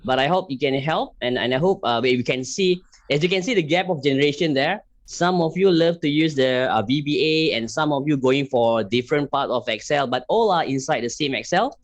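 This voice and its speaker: A man's voice: medium pitch, animated, fairly quick, few pauses. Shy giggly Malaysian man. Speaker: trainer. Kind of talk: casual online meeting talk.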